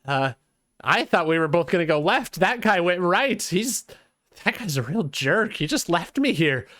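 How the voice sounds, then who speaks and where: A man's voice: high voice, big pitch swings, a little slow, bright, forceful tone, dry recording, clean studio sound, voice pushed up, exaggerated voice. A man voicing a frightened male goblin guard who babbles and stammers nervously. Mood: panicky.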